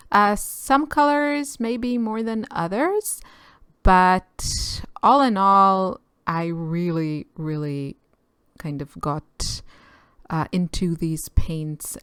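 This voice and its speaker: Woman host for a casual voice-over, slow and unhurried, chatty, musing, asides as she goes. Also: lowish voice, clean tone, no echo, studio quality. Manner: chatty and musing, thinks aloud with many small asides. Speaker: artist and channel host. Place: quiet room, recorded apart from the filmed footage.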